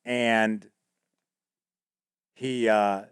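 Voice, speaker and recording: A man's voice: fairly low pitch, flat delivery, drawn-out words, clear, resonant tone, dry recording, clean studio sound. A man hosting a show, casually telling a rambling story from his tabletop game with many restarts. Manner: rambling, many restarts, acts out players' voices. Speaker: host.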